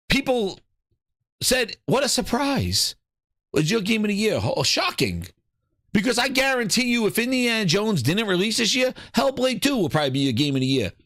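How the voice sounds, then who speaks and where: A man's voice: extremely high pitch, big pitch swings, normal speed, fairly bright tone, dry recording, clean studio sound. A man hosting a gaming channel, delivering a heated, profanity-laced solo rant.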